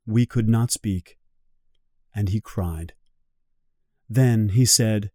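Man, storybook narration for learners, slow, clear, lively pitch, dry close recording. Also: no room sound. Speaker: reader of a guided English reading.

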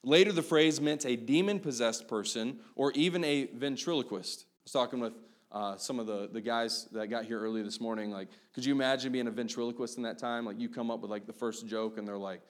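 A man's voice: mid-range voice, brisk. A man preaching a sermon in a conversational style, often tossing in "right?" as he explains a Bible passage. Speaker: pastor.

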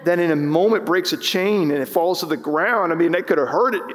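Impassioned pastor preaching in a reverberant hall. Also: male voice, a little high, fairly quick. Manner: impassioned, rising and falling with emphasis, frequent restarts. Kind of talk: sermon. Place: church sanctuary.

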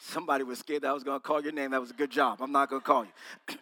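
A man's voice: mid-range voice, level tone, fast, pushed and bright, in a large hall. A man preaching a sermon to a small congregation, playfully quizzing and teasing his listeners. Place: small room with an audience.

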